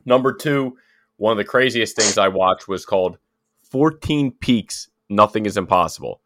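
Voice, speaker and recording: Low-voiced podcast guy, dry mic. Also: lively intonation, moderate pace, a bit bright, no room sound. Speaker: podcast co-host. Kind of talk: casual podcast chat.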